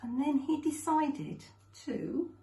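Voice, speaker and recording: A woman telling a children's story at a school assembly, slow and expressive, recorded with a roomy echo. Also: sits high.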